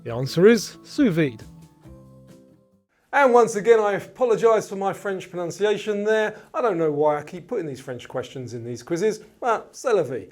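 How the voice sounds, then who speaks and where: Male quiz host, animated delivery, measured question reading. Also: high-pitched, no echo, soft background music. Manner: reads questions and answer choices in a clear, measured way. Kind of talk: scripted quiz show presenting.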